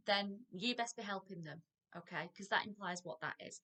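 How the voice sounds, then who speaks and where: A middle-aged woman teaches a parenting class in an animated, expressive way. Her voice is bright and clear, and she slips into quick acted examples of parents and children. Her pitch sits in the middle. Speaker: parenting practitioner. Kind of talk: recorded parenting lesson.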